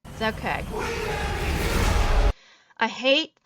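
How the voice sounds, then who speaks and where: A woman's voice: medium pitch, animated, moderate pace, fairly bright tone, no room sound, muffled recording. A woman VTuber giving a salty, profane reaction commentary, ranting and joking at her viewers. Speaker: VTuber streamer.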